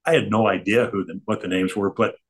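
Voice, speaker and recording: Older male guest, lowish voice, rambling anecdotes, chatty with easy chuckles. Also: fairly even intonation, brisk. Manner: chatty, digressive, chuckles between stories. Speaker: interview guest.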